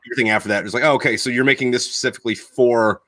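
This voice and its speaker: A young man co-hosting a podcast, chatting casually and telling stories in a profane, animated way. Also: mid-range voice, rapid-fire, dry recording. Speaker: podcast co-host. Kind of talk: casual chat.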